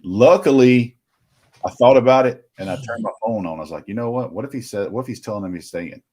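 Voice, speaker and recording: A man's voice: mid-range voice, brisk, mellow. A middle-aged man casually telling a rambling story, acting out what each person said. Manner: rambling anecdotal with quoted dialogue. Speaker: recruiting reporter.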